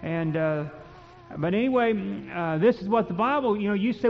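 A man's voice: sits high, big pitch swings, moderate pace. A man preaching a sermon in a folksy, impassioned way, reading King James scripture aloud in a church. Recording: dull lo-fi recording with long hall reverb.

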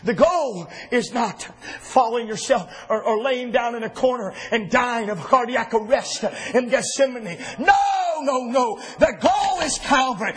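A man preaching a sermon to his church, telling the story with fervor and often building to impassioned shouting. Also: very high voice, lively intonation, unhurried, husky, poor audio.

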